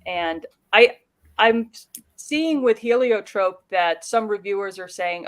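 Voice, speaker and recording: A woman, a guest author on a panel, talking casually in quick bursts full of "you know" and "like". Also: mid-range voice.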